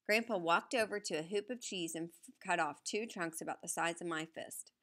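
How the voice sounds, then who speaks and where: A woman reading a novel aloud in the first person, steady and even as a storyteller. Her voice sits slightly low yet sounds bright and forceful. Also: normal speed. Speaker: audiobook narrator.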